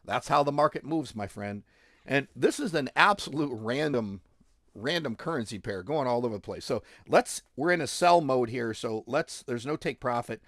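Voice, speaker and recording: A man teaching forex trading live as he works through his screen. He talks in an excitable, boastful way, laughs often, swears casually and repeats phrases for emphasis. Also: mid-range voice, moderate pace, dry recording, clean studio sound.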